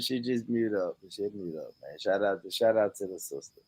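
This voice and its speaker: A man's voice: on the low side, normal speed, few pauses, no echo. American guy reacting on stream, laughs a lot, curses, dry close sound. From United States. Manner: laughing, profane, emphatic. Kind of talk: casual reaction chat.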